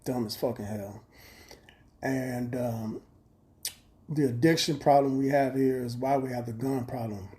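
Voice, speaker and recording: Profane man with a mellow voice. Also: mid-range voice, a little slow, long pauses. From Chicago. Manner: profane, blunt and streetwise. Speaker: livestream host. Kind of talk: rambling livestream monologue. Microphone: phone camera.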